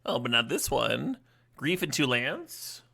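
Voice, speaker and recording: Guy streaming a card game, jokey, laughs a lot, kinda gravelly and bright. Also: medium pitch, very animated, slow. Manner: playful, laughs often, chats to viewers. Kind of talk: casual live-stream game commentary.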